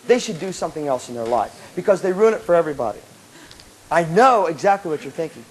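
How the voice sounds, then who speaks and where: A man giving a playful, animated motivational talk to student band members, acting out little scenes, recorded live in a hall with a crowd. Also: fairly high pitch, fast. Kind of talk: lively motivational seminar talk. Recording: noisy live tape with audience laughter. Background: audience laughter and chatter.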